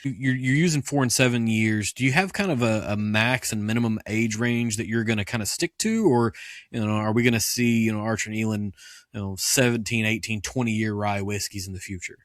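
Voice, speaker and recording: A man's voice: on the low side, fairly quick, no room sound, clean studio sound. A man hosting a casual podcast interview, talking conversationally and often restarting and repeating words. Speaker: podcast host.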